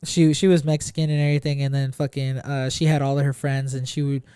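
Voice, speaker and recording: A man's voice: medium pitch, little pitch movement, fast, mellow, clean tone, no room sound, clean studio sound. A young man telling a long, rambling story in casual podcast chat, swearing constantly. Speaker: podcast co-host.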